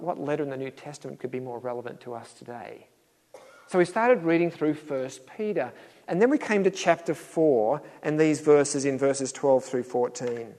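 A man's voice: fairly high pitch, darkish tone, big-room sound. A middle-aged man preaching a sermon in a conversational way, acting out little dialogues with a chuckle. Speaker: pastor.

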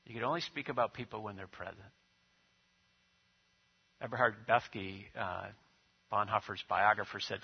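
Male pastor, lowish husky voice, storytelling sermon style; muffled lo-fi church audio. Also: steady tone, normal speed, pauses often. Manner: storytelling with acted quotes, leading prayer and liturgy.

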